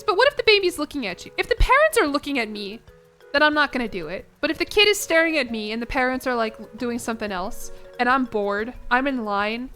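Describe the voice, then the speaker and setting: A woman's voice: fairly high pitch, bright, forceful tone. A young woman streaming a game, rambling and giggling as she chats with her viewers. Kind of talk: casual chat to a live chat.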